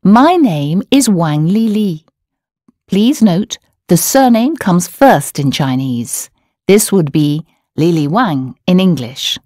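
A woman narrating a scripted language course, explaining words and tones in a clear, measured way. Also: fairly low pitch, lively intonation, dark tone, no echo. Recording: dry studio voice-over.

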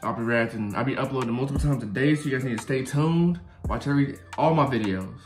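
A man's voice: medium pitch, fast talker, darkish tone. Hyped man hosting a reaction video. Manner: hyped, chatty, talks to viewers directly. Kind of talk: casual reaction commentary. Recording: echoey room, faint music behind.

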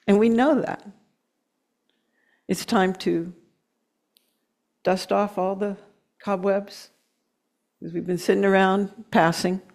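A middle-aged woman giving an earnest, emotional sermon, slowing down to press her points and laughing at herself now and then. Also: medium pitch, a little mellow. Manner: earnest, emotional, with slow emphatic stretches and laughs. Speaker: guest speaker.

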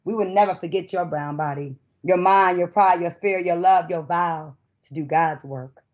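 A middle-aged woman poet who performs spoken-word poetry and talks about her work in an expressive, emphatic way. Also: fairly low pitch, moderate pace. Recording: dull lo-fi recording.

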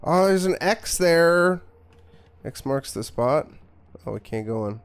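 A man's voice: fairly high pitch, lively intonation, takes it slowly, clear, resonant tone. A man streaming a horror game, giving sarcastic, mock-scared commentary and swearing freely. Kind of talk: live gameplay commentary.

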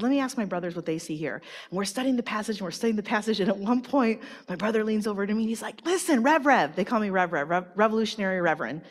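A woman preaching a sermon at a conference, telling stories in a lively, chatty way with a lot of "like" fillers and acting out quotes. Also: medium pitch. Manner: animated storytelling with many "like" fillers, acting out quotes. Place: large conference hall. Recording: long reverb of a large hall.

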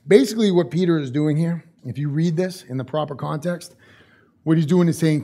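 A man's voice: a little high, a little fast, mellow. A male pastor preaching a sermon in a casual, conversational way, repeating phrases for emphasis.

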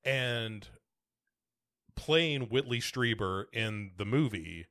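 An American man co-hosts a podcast in casual chat, rambling with many fillers and restarts. His mid-range voice is a bit bright, with lively intonation and a slow pace.

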